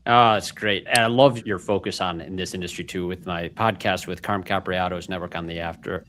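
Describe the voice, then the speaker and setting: A man with a slightly low voice hosts a podcast panel, introducing his guests in an upbeat, effusive way. He talks in a casual interview style. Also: steady tone, a little fast, a bit bright. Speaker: podcast host.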